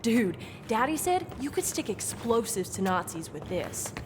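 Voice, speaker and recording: An actress voicing an excitable young woman soldier in a shooter video game. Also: a little high, a little slow, a little hiss or hum. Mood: excited.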